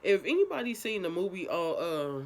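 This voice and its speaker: Brief: young woman vlogger, casual storytime, blunt and profane, lively telling. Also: on the low side, moderate pace.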